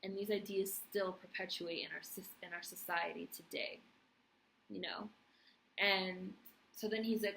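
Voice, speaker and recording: A woman's voice: mid-range voice, fairly even intonation, measured pace, vocal fry, a bit bright, poor audio. Brief: young woman, casual review vlog, blunt and fired up, faint background hiss. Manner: passionate, blunt, swears freely. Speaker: TV review vlogger. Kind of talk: casual recap and commentary.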